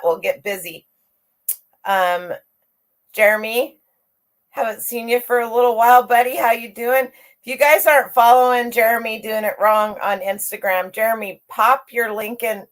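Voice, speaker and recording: A middle-aged woman hosting a casual livestream, chatty and upbeat as she greets viewers by name. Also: mid-range voice. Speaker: livestream host greeting chat.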